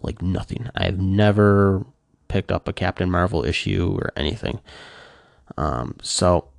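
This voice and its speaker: A man's voice: low-pitched, creaky, no echo, clean studio sound. A middle-aged man talking casually to camera, retelling a movie reaction with lots of "like" and acted-out quotes. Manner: animated, acting out quoted reactions, heavy use of "like". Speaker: vlogger.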